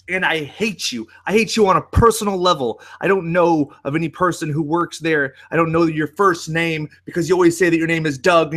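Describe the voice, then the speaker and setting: A man's voice: on the high side, bright, forceful tone. A young man hosting a podcast alone, ranting in a sarcastic, profane way. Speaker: podcast host. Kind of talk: solo podcast monologue.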